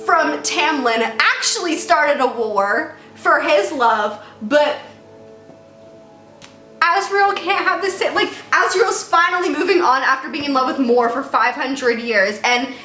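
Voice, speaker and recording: A woman with a bright, fairly high voice giving an excited, rambling book review rant. She retells scenes in a rush, full of "like" and asides. The room is echoey, with faint music underneath. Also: slow.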